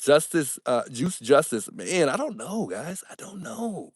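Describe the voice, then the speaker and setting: A man's voice: a little high, unhurried, breathy edge, dry recording, studio quality. Upbeat man chatting with livestream viewers. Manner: upbeat, animated, thanks viewers often. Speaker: livestream host. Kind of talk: casual livestream chat reading viewer comments.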